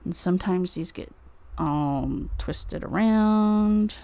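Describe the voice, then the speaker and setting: A woman's voice: on the low side, slow pace, mellow. A woman streaming a live craft demo, muttering to herself while she works.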